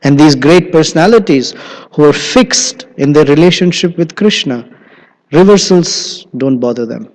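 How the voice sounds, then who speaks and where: A man giving an animated storytelling sermon in a temple hall. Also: on the high side, moderate pace. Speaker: temple speaker. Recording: long hall reverb.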